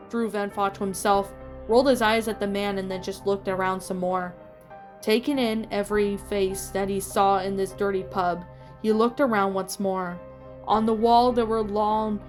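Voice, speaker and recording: A woman reading a fan fiction story aloud in a steady storytelling voice with small slips. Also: mid-range voice. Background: faint music.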